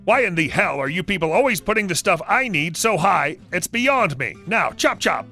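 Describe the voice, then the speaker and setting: A man's voice: high voice, very animated, moderate pace, faint music behind, full character voice. A man voicing a rude, demanding woman customer who barks orders at a stranger. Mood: bossy. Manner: bossy, yelling orders.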